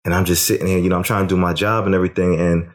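A man's voice: low-pitched, little pitch movement, rapid-fire. A man co-hosting a podcast, telling a story in casual chat and swearing freely. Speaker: podcast co-host.

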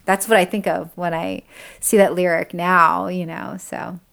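Giggly, animated woman chatting. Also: lowish voice, unhurried, vocal fry. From Orange County, California. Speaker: podcast co-host. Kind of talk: casual chat.

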